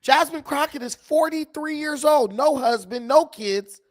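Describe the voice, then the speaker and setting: A man's voice: very high voice, measured pace. A man hosting a political commentary vlog, talking in mocking, scornful asides. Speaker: commentary host.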